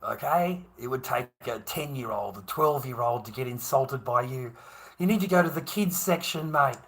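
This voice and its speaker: A man's voice: medium pitch, expressive, normal speed, fairly bright tone. An Australian man hosting a livestream, rambling and chatting to viewers, swearing freely, laughing often and calling everyone mate. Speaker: livestream host. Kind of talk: rambling live-stream chat.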